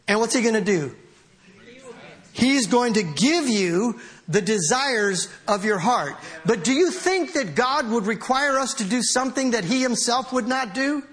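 A man preaching a sermon as pastor, animated and often laughing as he reads scripture aloud. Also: sits high, measured pace.

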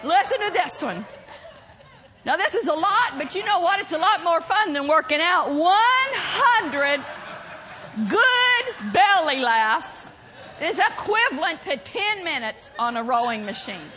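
A woman preacher, delivering a sermon and breaking into loud, exaggerated laughter and whoops. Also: very high-pitched, sing-song, a little slow, a faint crowd.

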